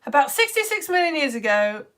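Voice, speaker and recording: A British woman hosts a live children's science lesson, chatting eagerly with her viewers. Her voice sits a little high and is excitable and self-mocking. She explains things in a friendly, rambling way. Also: fairly quick. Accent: British English. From United Kingdom.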